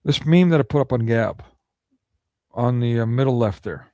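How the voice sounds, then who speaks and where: A man's voice: medium pitch, normal speed, a little mellow, dry recording. A man delivering a ranting monologue of political commentary, indignant and full of rhetorical questions.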